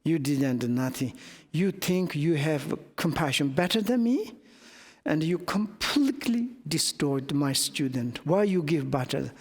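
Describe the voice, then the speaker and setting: Stern old lama master, told by a male teacher, blunt broken English, fairly high voice, long hall reverb. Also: expressive, measured pace. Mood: scolding.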